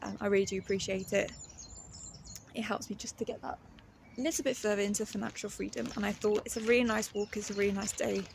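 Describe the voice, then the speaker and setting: A woman, chatting casually in her vlog and laughing often as she talks herself calm. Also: medium pitch, fast talker, creaky, a little hiss or hum. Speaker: artist vlogger. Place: outdoors on a walk, then at home.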